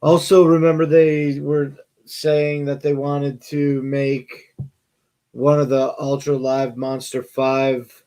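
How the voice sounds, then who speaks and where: A man's voice: mid-range voice, flat delivery, takes it slowly, dark tone. A sleepy man co-hosting a casual podcast chat, laid-back and profane. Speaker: podcast co-host.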